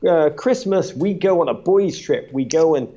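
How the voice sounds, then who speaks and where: A man's voice: a little high, expressive, moderate pace, dark tone, highs cut off. A man impersonating an exasperated elderly male TV news anchor who cuts in brusquely. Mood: blustering. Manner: incredulous, brusque interruptions.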